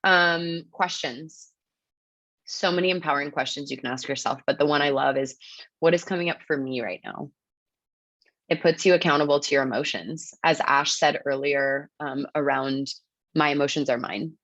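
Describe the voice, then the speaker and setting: A woman's voice: low voice, normal speed, a bit bright, dry recording. A woman presenting a webinar in a casual, upbeat teaching talk, full of "like" and "right?" check-ins. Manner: chatty, upbeat, peppered with "like" and "right?". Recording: dull lo-fi webinar audio.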